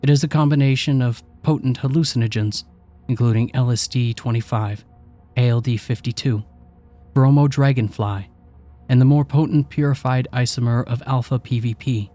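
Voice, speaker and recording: A man voicing a calm, clinical female lab doctor who explains things matter-of-factly. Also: mid-range voice, normal speed, soft background music, lightly acted.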